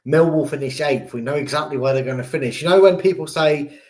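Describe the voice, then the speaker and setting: English male host, casual and jokey football chat, slightly raised pitch. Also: fast. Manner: chatty, jokey, rambling with restarts. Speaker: fan channel host.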